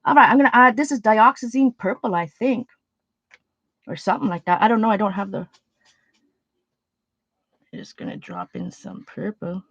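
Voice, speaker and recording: A woman's voice: mid-range voice, normal speed, vocal fry, long pauses, a bit bright, dry recording, lo-fi sound. A woman hosting a casual painting livestream, chatting loosely with viewers as she works and sniffling a little. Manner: chatty, rambling, greets viewers, thinks aloud. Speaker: art livestream host.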